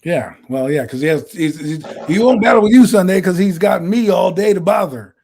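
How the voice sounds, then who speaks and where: Man, raspy voice, loud and intense, casual sports chat, slightly raised pitch. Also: brisk. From New Jersey. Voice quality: deep, raspy voice. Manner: loud and intense, animated storytelling.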